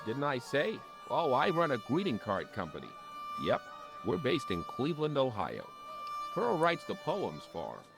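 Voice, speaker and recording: A man's voice: mid-range voice, huge pitch swings, normal speed, gravelly. An actor playing a chatty middle-aged American male tourist with an American accent, folksy and eager in a video game. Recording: game audio with music behind.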